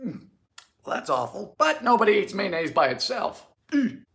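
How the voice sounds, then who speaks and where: A man narrating a comic cooking vlog about vintage recipes, making dry deadpan jokes and breaking into sudden shouts. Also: high-pitched, normal speed, gravelly. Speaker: home baker trying vintage recipes. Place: home kitchen.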